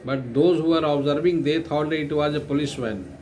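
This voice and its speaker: A man's voice: fairly high pitch, a little mellow, a little hiss or hum. A man with an Indian accent, an English teacher retelling a story in a classroom lecture, spelling words letter by letter and explaining their meanings. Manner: repeats phrases slowly for note-taking.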